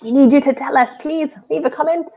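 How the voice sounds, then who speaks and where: A woman from New Zealand with a New Zealand accent, co-hosting a live online English lesson, asking many questions and gently guiding. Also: sits high, fairly quick, dull audio. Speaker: English teacher co-hosting a livestream.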